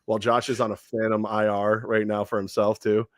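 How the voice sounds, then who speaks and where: A man co-hosting a sports radio show in casual chat, animated, laughing often and repeating himself as he builds a point. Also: lowish voice, brisk, dry recording, clean studio sound.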